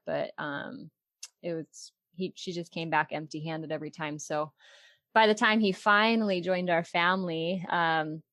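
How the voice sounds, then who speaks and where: A woman's voice: lowish voice, a bit bright, no room sound. A woman in her twenties from Arizona, telling stories as a guest in a casual faith-based interview, chatty and often giggling. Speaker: podcast guest.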